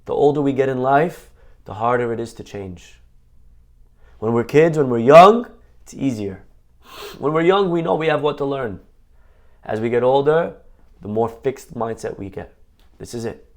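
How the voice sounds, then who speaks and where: A man, a rabbi, giving an animated sermon and acting out other people's voices. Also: medium pitch, normal speed, pauses often. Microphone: online class mic.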